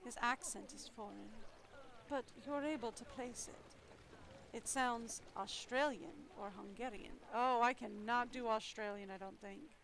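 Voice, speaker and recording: A young woman reads a story game aloud to her stream in a fairly high voice, breaking off for playful, wry asides. Her tone stays light and conversational throughout. A faint, steady hiss runs under the recording. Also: measured pace, rough recording.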